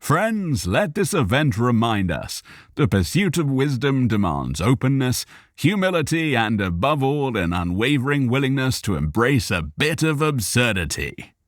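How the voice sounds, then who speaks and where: A man's voice: medium pitch, very animated, unhurried, no room sound, studio quality, pitched above the performer's own voice. A man voicing a verbose male scholar barbarian hero who speaks grandly and patiently with long words.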